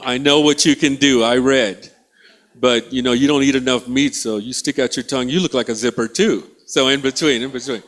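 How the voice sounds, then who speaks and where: A man's voice: a little high, fairly bright tone. A male stand-up comedian teasing and riffing with the audience from a small theatre stage. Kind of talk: stand-up crowd work.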